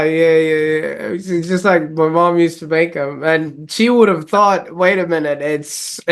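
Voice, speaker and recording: A man hosting a podcast interview, enthusiastic and leaning on fillers as he asks questions. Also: mid-range voice. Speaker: podcast host.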